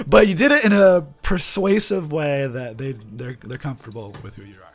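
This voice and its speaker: A man's voice: fairly high pitch, sing-song, measured pace. A man running a solo tabletop game as game master, loose and joking with frequent laughs.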